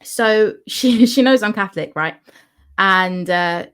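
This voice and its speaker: A young woman vlogger tells a personal story in a casual, animated way, acting out the people she quotes. Her voice is medium-pitched and clean in tone, and she speaks slowly.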